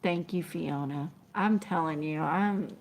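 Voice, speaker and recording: A woman's voice: deep voice, measured pace. A middle-aged woman, chatting scattered and laughing as she reads viewer comments on a livestream. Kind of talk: casual live chat.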